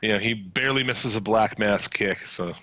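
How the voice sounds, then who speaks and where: A man with a bright, forceful voice chats casually about the week in wrestling as a podcast co-host. He swears freely and laughs often. The sound is dry and close to the mic. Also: lowish voice, normal speed, no echo. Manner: loose, profane, laughing recaps.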